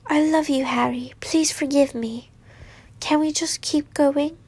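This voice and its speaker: A woman's voice: sits high, fairly even intonation, a little slow, a little mellow. Woman reading as a shy tearful young man. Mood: remorseful.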